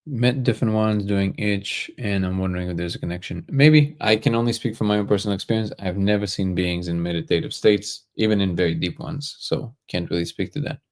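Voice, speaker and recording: A man hosting a casual livestream, answering viewer comments in a relaxed, joking way and thinking aloud as he goes. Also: sits low, brisk, few pauses. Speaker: livestream host.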